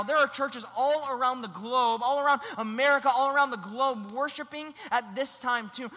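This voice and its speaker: A man preaching a sermon, animated and acting out the voices in the story. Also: very high voice, big-room sound. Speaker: pastor.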